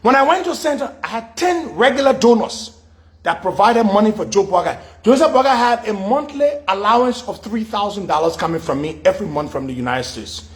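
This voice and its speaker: A middle-aged Liberian radio talk show host delivers a storytelling monologue in a high voice, talking a little fast. He animatedly acts out quoted dialogue, his pitch leaping as he swings between his own narration and the shifting voices of each character.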